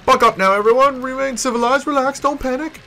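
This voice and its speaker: A man's voice: extremely high pitch, fast talker, sharp tone, soft background music, pitched above the performer's own voice, exaggerated voice. A man voicing a vain, boastful male merchant in a video game playthrough, with grand and flowery delivery. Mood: flustered. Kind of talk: let's play, reading game dialogue aloud.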